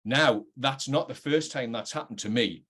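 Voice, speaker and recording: A man's voice: medium pitch, moderate pace, pushed and bright, breathy edge. A middle-aged man with a working-class Geordie accent, an actor reflecting earnestly and hesitantly on his career, often restarting his sentences. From North East England. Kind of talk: reflective talk to camera.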